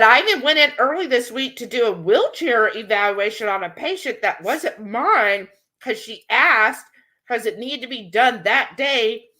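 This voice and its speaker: Woman host for a live cooking stream, fairly high voice, chatty storyteller reading chat aloud. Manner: chatty storyteller, quick animated asides. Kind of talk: casual chat, reading viewer comments aloud.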